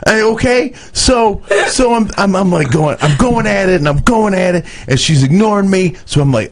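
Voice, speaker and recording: A man's voice: high-pitched, normal speed, hardly any pauses. A man, a radio DJ animatedly telling a story and acting out quotes. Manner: animated, acts out quotes, repeats words. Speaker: radio DJ co-host. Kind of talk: storytelling banter.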